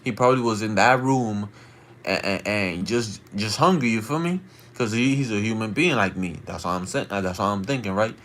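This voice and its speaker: A man with a fairly low voice spins a late-night story for his stream, slangy and rambling, checking in with his listeners again and again. He acts out the loud shouting of the people in his tale, jumping high above his usual pitch. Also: moderate pace. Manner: slangy and rambling, keeps asking "you feel me".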